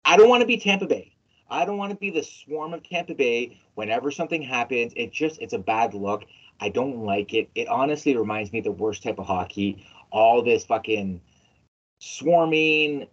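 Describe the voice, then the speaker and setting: A man hosting a casual sports podcast, telling stories in an animated, emphatic way with plenty of swearing. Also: medium pitch. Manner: animated, emphatic storytelling, profane. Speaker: podcast host. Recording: dull lo-fi audio.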